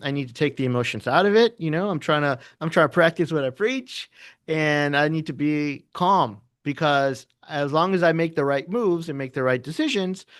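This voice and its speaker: A man who trades options, chatting casually and telling animated stories. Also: on the high side, no echo, clean studio sound. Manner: animated storyteller, laughs often, acts out quotes. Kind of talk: casual trading chat.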